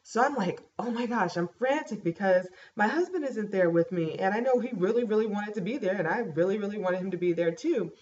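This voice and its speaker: A young woman in a casual home vlog, chatting through a pregnancy update with plenty of fillers and lively storytelling. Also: mid-range voice, fairly quick, few pauses. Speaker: vlogger. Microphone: laptop webcam mic. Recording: dull laptop mic with faint hiss.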